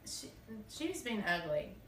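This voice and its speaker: A woman's voice: medium pitch, sing-song, measured pace. A young woman, reading out short dialect phrases. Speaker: student reading example phrases.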